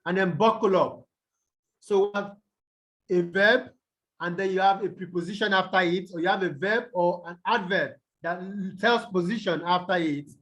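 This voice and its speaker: A man's voice: high voice, moderate pace, a bit bright, rough recording. A man from Nigeria teaching an online English lesson, asking the class questions and checking in with "okay?" again and again. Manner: checks in often with "okay?" and "the what?". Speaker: English tutor. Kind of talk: online tutorial on stress rules. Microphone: video call.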